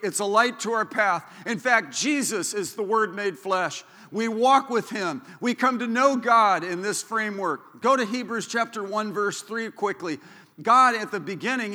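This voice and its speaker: A man preaches with fervor, his voice pitched high and bright as he builds to loud declarations. The sound carries the long reverb of a church hall. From Southern California. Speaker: pastor. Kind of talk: sermon. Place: church sanctuary.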